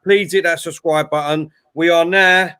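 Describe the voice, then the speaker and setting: A man's voice: a little high, steady tone, normal speed, bright, forceful tone, smooth. Man reading out live chat comments. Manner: reads out chat messages, pushes subscribers. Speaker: co-host of a live match watchalong.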